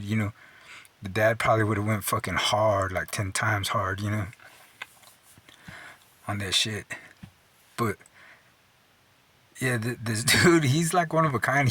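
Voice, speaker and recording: With a medium-pitched, pushed, bright voice and no echo, this middle-aged man hosts casual storytelling. He peppers his loose, profane tales with "dude" and "you know," chuckling along as he goes.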